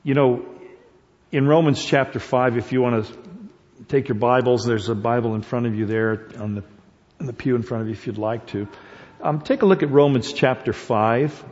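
Halting man preaching in a reverberant church. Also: mid-range voice, a little mellow. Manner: halting, many fillers and restarts; grows emphatic and repetitive at points. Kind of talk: sermon. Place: church sanctuary. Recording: dull lo-fi sound with long hall reverb.

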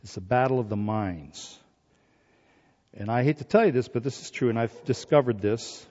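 A man preaching a sermon, lively and acting out voices from scripture. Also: medium pitch, moderate pace. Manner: animated, acts out biblical voices. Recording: dull recording in a hall.

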